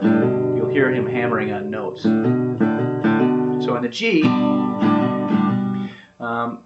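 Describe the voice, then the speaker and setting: A man giving a casual guitar lesson, explaining step by step in an easygoing way with lots of fillers. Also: medium pitch. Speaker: guitar teacher. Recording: roomy, dull sound with loud guitar.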